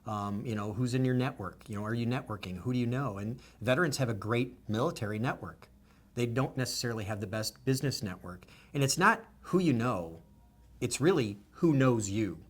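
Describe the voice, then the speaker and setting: Guy exec getting earnest and a bit emotional in an interview, mid pitch. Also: lively intonation, brisk. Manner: earnest, emotional, stream of consciousness. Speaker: business executive interviewee. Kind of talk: candid interview answers.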